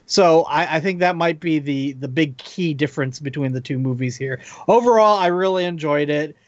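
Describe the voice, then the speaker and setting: Measured man on a dull lo-fi mic. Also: a little high, no room sound. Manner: measured, many ums and likes. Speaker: podcast co-host. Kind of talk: casual chat. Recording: dull lo-fi recording.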